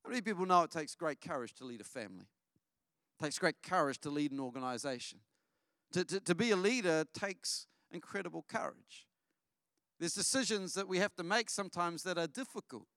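A man's voice: on the high side, fairly quick, dry recording, studio quality. A middle-aged man, preaching a sermon and telling family stories while asking the congregation questions. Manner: storytelling, lively with audience questions. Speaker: pastor. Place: church.

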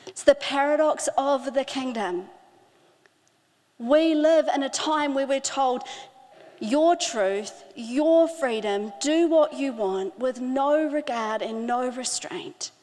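A middle-aged woman preaching a sermon, earnest, slowing down to stress key phrases. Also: high-pitched, a little mellow. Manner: earnest, with slow emphatic phrasing. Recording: hall with long reverb.

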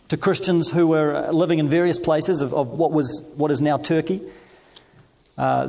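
A middle-aged man leads a sermon, his voice sitting a little above the usual male range. He reads scripture in a measured, deliberate way and moves easily into personal stories. He speaks as a pastor addressing his congregation. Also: a little high, a little mellow. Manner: storytelling, measured scripture reading.

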